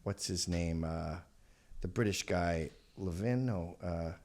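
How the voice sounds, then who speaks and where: A man in his fifties, a podcast guest, telling profane stories in casual chat and slipping into quick character voices. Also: deep voice, a little mellow.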